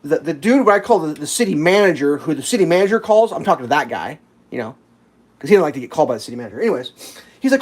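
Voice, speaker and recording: A live streamer telling an exasperated, profane story, ranting in an animated way, at home. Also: medium pitch, rapid-fire, breathy edge.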